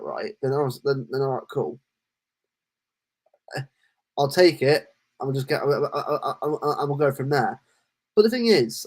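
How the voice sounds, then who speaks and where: A man co-hosting a casual football podcast, talking in animated rants full of restarts. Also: medium pitch. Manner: animated, ranting, lots of restarts. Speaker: podcast co-host.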